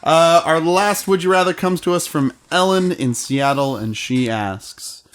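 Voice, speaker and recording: A man's voice: fairly high pitch, a little slow, a bit bright, clean tone. A man hosting a casual podcast, joking and laughing as he reads listener questions to the group. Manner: jokey, laughs often, reads questions aloud.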